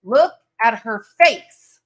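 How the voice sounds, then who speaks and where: A woman's voice: on the high side, lively intonation, extremely slow, fairly bright tone. A woman commentator reacting to a news story, incredulous and sarcastic, often laughing in disbelief.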